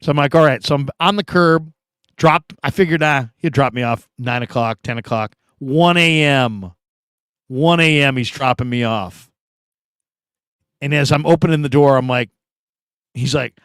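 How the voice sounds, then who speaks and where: A middle-aged man hosting a casual sports talk stream, rambling and telling stories with loud acted-out quotes. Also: mid-range voice, moderate pace, smooth, dry recording. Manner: rambling, animated storytelling, acts out quotes loudly. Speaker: show host.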